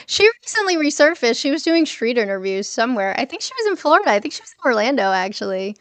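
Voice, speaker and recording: Woman, livestream host, casual chat, laughs often, smooth voice, dry close sound. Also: on the high side, very animated, quick pace, no room sound. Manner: chatty, laughs often, reads chat aloud.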